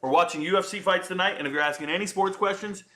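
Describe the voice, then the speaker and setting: A man's voice: high voice, quick pace, pushed and bright. A man hosting a casual livestream chat, joking and boasting in slangy talk. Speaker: livestream host.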